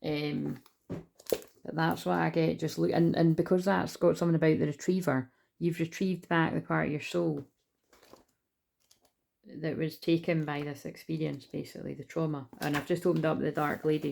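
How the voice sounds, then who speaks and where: A woman giving a casual spiritual card reading at home, chatty and rambling with excitable asides. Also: deep voice, normal speed, creaky. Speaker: tarot reader. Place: at home indoors.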